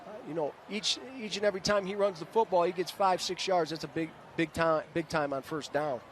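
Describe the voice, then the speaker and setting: Stadium noise fills the broadcast booth as a former linebacker from Michigan provides live color commentary. His voice sits on the high side with a steady tone and a slightly quick pace, and he explains plays like a coach, often adding "right?".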